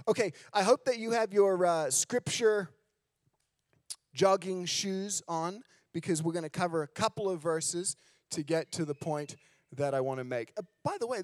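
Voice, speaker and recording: A man's voice: a little high, a little mellow, no room sound, clean studio sound. A man from Australia with an American accent, preaching a sermon as a guest preacher and leading prayer, fervent and fond of repeating "just". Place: decorated church hall.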